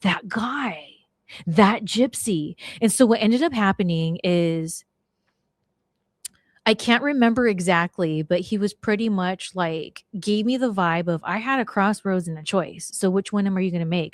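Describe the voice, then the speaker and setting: A middle-aged woman casually telling a story on her podcast, slangy and animated, acting out the people she quotes. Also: mid-range voice, normal speed, dry recording, clean studio sound. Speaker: podcast host.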